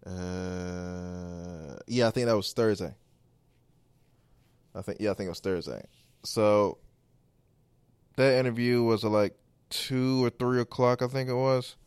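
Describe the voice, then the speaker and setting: A man hosting a podcast, telling a story casually in a rambling, animated way with quoted asides. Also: lowish voice, unhurried, pauses often, clean tone, no echo. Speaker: podcast host.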